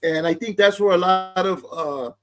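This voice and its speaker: A man's voice: sits high, normal speed. A middle-aged man giving casual commentary, in laid-back street talk full of slang and restarts. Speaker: vlogger reacting to a clip.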